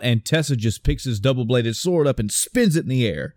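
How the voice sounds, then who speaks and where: A man's voice: mid-range voice, normal speed, hardly any pauses, dry recording. A man in casual chat on a podcast, rambling through stories with lots of restarts and asides. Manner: rambling, animated storytelling with many restarts.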